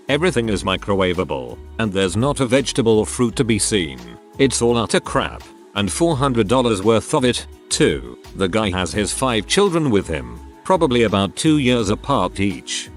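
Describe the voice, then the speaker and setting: A man reading out online stories as scripted narration, in a steady, lively storytelling manner. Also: on the low side. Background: faint background music.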